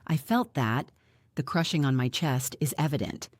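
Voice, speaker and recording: A woman narrates a first-person survival novel in an even, plain manner. Her voice sits somewhat low. She is close to the mic, and the recording is dry with no room echo. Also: moderate pace. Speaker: audiobook narrator.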